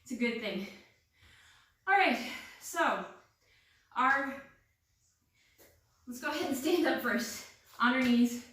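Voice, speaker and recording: A woman's voice: high voice, expressive, slow pace, pauses often, a bit bright. A young woman coaching a workout, counting reps and encouraging while out of breath. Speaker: fitness instructor. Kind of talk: guided workout instruction. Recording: very echoey room, distant mic.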